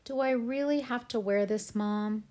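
A woman's voice: mid-range voice, normal speed, lightly acted. A woman voicing an upset ten-year-old boy who whines and protests. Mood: miserable. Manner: whining, protesting.

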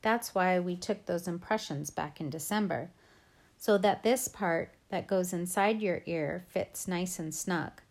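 A woman's voice: on the low side, measured pace, a little mellow. A woman voicing a friendly male ear doctor who explains things and reassures a boy. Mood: explaining. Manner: upbeat, reassuring.

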